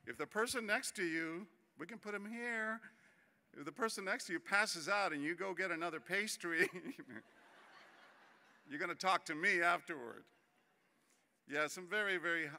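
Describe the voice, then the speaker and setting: Man, keynote speaker, very bright forceful voice, fairly high, long hall reverb. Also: lively intonation, moderate pace, vocal fry. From Texas. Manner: chatty, jokey storyteller turning earnest. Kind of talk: conference keynote speech. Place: large conference hall.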